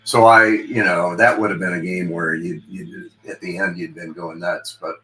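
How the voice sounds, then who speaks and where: A man's voice: low voice, fairly even intonation, moderate pace, sharp tone. An older man, a veteran radio broadcaster, reminiscing in a casual podcast interview and rambling with restarts. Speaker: guest, longtime radio play-by-play broadcaster. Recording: echoey room.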